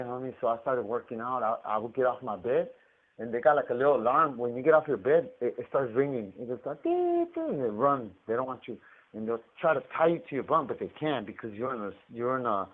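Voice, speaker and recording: This is a man talking over a tinny prison phone line, with a voice of ordinary pitch. He rambles and swears, stammering and doubling back on his words as he tells his story. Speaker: inmate on a collect call. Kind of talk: casual storytelling.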